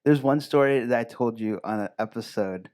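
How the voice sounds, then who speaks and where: A man's voice: medium pitch, moderate pace, a little mellow, clean tone. A man co-hosting a podcast in casual chat, stammering a little and asking follow-up questions. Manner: stammering, questioning listener who asks follow-ups. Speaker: podcast co-host.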